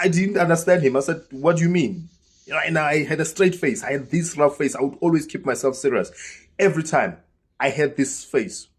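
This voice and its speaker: A South African vlogger with a slightly rough, somewhat high voice casually tells a personal story. He's a lively storyteller, acting out the quoted dialogue as he goes.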